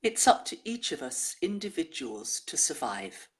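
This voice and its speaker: A woman presenting a show, chatting and reading listeners' poems aloud in a measured way. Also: deep voice, sing-song.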